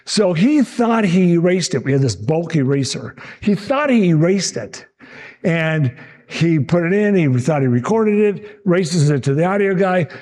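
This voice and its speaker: Lively storytelling man in his sixties. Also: a little high, normal speed. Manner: lively anecdotal, acts out quotes, frequent restarts. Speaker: TV meteorologist giving a talk. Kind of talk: storytelling presentation to an audience.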